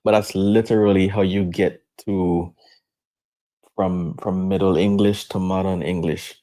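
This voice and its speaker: Very low voice, mellow tone, thoughtful explaining, casual chat. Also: steady tone, unhurried.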